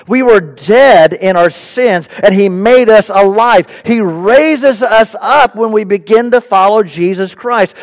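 A man with a notably high voice delivers an emphatic sermon, driving his points home by repeating them. His voice rings out with a long reverb that fills the church sanctuary. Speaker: pastor. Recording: long reverb in a large hall.

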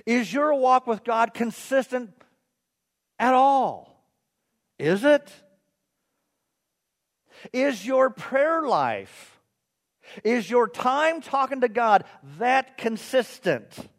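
A man's voice: very high-pitched, sing-song, very slow, long pauses. A man pastor preaching a sermon in a church. He asks his listeners questions and talks to them conversationally, with some self-mocking asides. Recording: long reverb of a church hall.

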